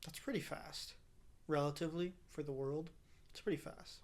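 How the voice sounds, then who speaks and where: A woman's voice: low voice, steady tone, normal speed. A woman co-hosting a podcast in casual chat, earnest and musing, drifting into philosophical asides. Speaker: podcast co-host.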